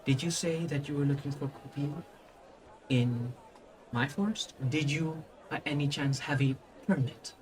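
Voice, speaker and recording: A haughty woman from a tabletop game asks cool, slow questions of an intruder, as a man voices her. The delivery is quiet and even, close to a man's everyday voice. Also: a little high, some chatter behind, a little hiss or hum, close to an everyday voice.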